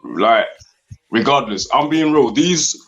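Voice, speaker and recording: A man's voice: mid-range voice, animated, slow pace, soft background music. A man who works construction, arguing sarcastically in a heated debate and tacking "yeah?" onto his points. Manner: sarcastic, argumentative, tag questions. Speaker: construction worker, debate guest. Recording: slightly dull sound.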